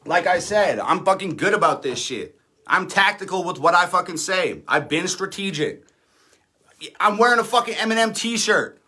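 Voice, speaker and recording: A man's voice: sits high, very animated, moderate pace, pushed and bright. A man in his thirties, an independent rapper, ranting defiantly and sarcastically on a livestream, swearing often. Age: 30s. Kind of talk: livestream rant.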